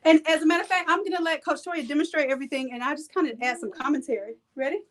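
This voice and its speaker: A woman's voice: high-pitched, fast talker, low-quality recording. A woman instructor leading a live hands-on printing demo, chatty and playful, joking with her viewers.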